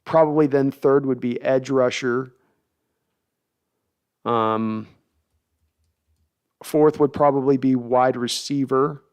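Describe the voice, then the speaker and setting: A man's voice: mid-range voice, steady tone, takes it slowly, long pauses, a little mellow, clear, resonant tone. A man hosting a casual sports livestream, chatty and full of restarts as he reads viewer messages aloud. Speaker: host.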